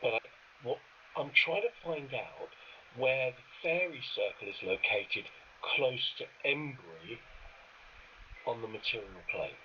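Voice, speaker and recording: A man's voice: medium pitch, expressive, a little slow, a little hiss or hum. A man speaking in character as a tabletop game player, polite and formal, stumbling on his first words. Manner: polite, formal, stammering starts. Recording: dull lo-fi stream audio.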